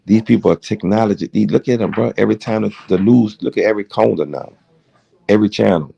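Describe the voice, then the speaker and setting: A man's voice: lowish voice, fast, creaky, dark tone, slightly rough, lo-fi sound. A middle-aged man hosting a late-night livestream, rambling through a heated, profane story. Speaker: livestream host.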